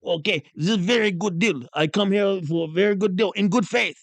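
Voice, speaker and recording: A man doing a mocking impression of a demanding male foreign leader, in a put-on Russian accent, halting and repeating himself. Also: high voice, dry recording, pitched above the performer's own voice. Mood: wheedling.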